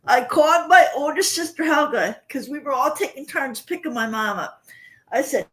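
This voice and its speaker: This is an older woman chatting on a livestream with a high, very animated voice. She talks casually and rambles as she tells personal stories. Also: normal speed. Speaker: livestream host. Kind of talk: casual chat with viewers.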